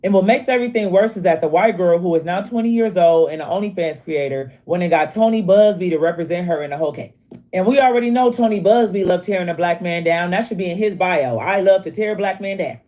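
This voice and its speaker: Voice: mid-range voice, mellow. A narrator reading scripted, mocking celebrity commentary. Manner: quick, mocking, punchy delivery.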